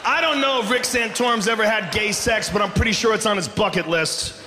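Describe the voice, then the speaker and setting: Stand-up guy yelling into a handheld mic, high-ish voice, big roomy hall with a long ringing reverb. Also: brisk, over loud music, a loud crowd. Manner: loud, often shouting, profane and brash. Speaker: stand-up comedian. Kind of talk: live stand-up comedy. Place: large live venue on stage. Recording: echoey hall, live ambience.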